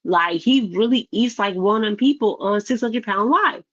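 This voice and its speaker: A woman's voice: mid-range voice, normal speed, a bit bright. A woman giving a blunt, exasperated casual commentary rant about videos. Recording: slightly dull lo-fi audio.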